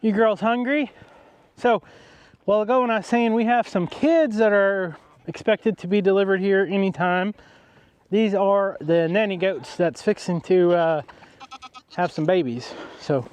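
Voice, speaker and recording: A man's voice: high voice, unhurried, darkish tone, smooth. A man, an easygoing farmer chatting outdoors on his farm and talking to his animals. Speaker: farmer, vlogger. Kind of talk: casual farm vlog.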